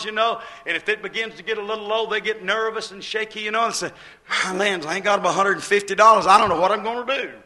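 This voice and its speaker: High, bright-voiced folksy preacher. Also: male voice, rough recording. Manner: emphatic, folksy and repetitive, with plain homespun speech. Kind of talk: sermon.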